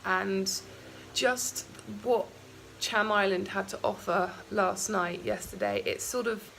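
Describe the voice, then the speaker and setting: Young woman, croaky and gravelly, chatty travel vlogger rambling candidly, faint background noise. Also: mid-range voice, lively intonation, takes it slowly, a bit bright, poor audio. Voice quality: croaky morning voice. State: out of breath from walking uphill. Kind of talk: casual travel vlog. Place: outdoors walking on a hilly island road.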